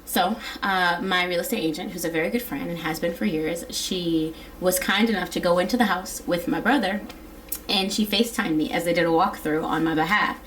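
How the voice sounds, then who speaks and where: A woman with a slightly low voice chats casually and jokes around, acting out quotes in livelier tones. Faint background noise sits under her voice. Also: brisk, fairly bright tone. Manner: chatty and joking, acts out quotes. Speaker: guest. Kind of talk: casual chat.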